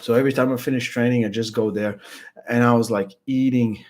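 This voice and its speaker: A young man chatting casually about arm wrestling, blunt and halting, full of restarts and fillers. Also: mid-range voice, steady tone, darkish tone. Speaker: arm wrestling podcast regular. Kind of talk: casual chat.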